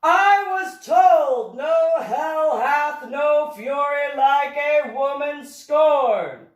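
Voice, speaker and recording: A woman's voice: medium pitch, big pitch swings, very slow, darkish tone, voice pushed up. Woman reading as a sly teasing female professor. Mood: booming. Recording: echoey room, far from mic.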